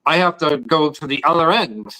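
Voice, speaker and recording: A man chats casually on a podcast. His voice sits slightly high and sounds bright and forward. He rambles and restarts his sentences a lot. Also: animated, normal speed, rough recording. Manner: rambling, repeats words when starting sentences. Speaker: guest protester.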